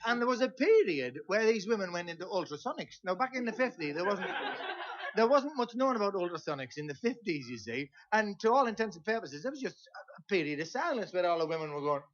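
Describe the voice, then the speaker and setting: A man's voice: sits high, big pitch swings, fairly quick, a bit bright, slight background noise. A man with a Teesside accent telling a rambling comic story on stage, with lots of "see?" asides. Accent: Teesside English. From Teesside, England. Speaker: folk singer and comedian. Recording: dull lo-fi VHS tape transfer.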